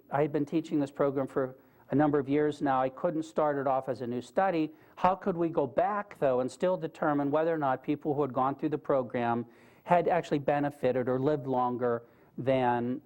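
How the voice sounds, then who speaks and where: Speaking at a moderate pace with a somewhat high, darkish tone, the earnest guest speaker delivers a storytelling lecture in a lecture room. His style is conversational, and he questions the live audience.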